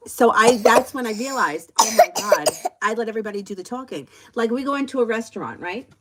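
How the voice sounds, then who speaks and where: A woman's voice: on the high side, brisk, heavy background noise. A woman hosting a casual tarot reading at home, rambling off on tangents and laughing often. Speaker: tarot reader hosting a livestream. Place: home with a small child around.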